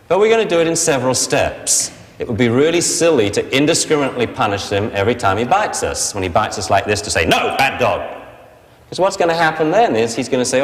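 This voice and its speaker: A man teaching a puppy training class in a lively, playful way. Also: lowish voice, big-room sound. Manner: lively, playful, acts out dog voices. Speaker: dog trainer.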